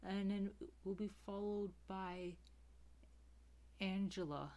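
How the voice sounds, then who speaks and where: A woman's voice: medium pitch, takes it slowly, a little mellow. A woman playing a flustered teacher on the first day, muttering weary whispered asides to herself. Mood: exasperated. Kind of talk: comedy sketch character.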